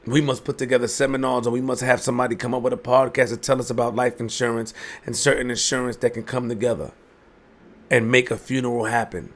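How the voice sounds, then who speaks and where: A man's voice: medium pitch, fairly even intonation, fast. A man delivering an emphatic opinion monologue, preaching and firing rhetorical questions. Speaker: commentary host.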